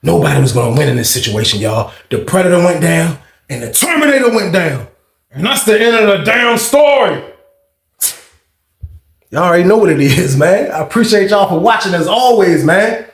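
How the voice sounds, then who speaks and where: Man, storyteller, high voice, very lively pitch, profane and excitable, echoey room. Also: moderate pace. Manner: profane, excitable, acts out fights with sound effects. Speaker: storytime host. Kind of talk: animated prison storytelling. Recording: roomy echo.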